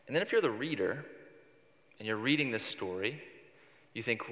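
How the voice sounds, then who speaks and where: A man's voice: mid-range voice, lively intonation, normal speed, long pauses, fairly bright tone, in a large hall. A male pastor giving a sermon, retelling a scripture story in a conversational, wry way.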